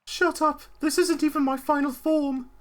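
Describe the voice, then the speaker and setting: A man voicing a boastful, monstrous boss bear in a video game, with loud, gloating taunts. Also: very high voice, level tone, normal speed, pitched above the performer's own voice. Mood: indignant. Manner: shouty, gloating villain taunts. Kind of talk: reading game dialogue aloud.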